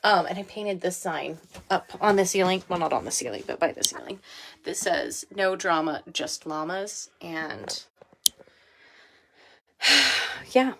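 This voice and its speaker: Brief: woman in her 30s, live video from a small bathroom, candid and heartfelt, quick to laugh, lowish voice. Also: expressive, vocal fry, sharp tone, slight background noise. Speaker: life coach. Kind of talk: casual live video talk.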